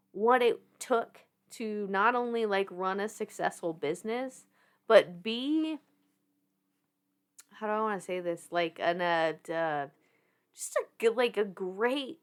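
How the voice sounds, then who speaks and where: Laughing, swearing woman with a Southern accent. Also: mid-range voice. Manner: animated, laughs often, swears casually. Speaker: podcast guest. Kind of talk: casual podcast storytelling.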